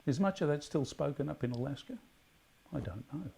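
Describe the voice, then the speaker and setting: Rambling Australian quiz host. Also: male voice, fairly high pitch, animated, gravelly, warm tone, slightly rough. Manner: rambling, self-correcting, slow emphatic question reading. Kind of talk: casual quiz hosting.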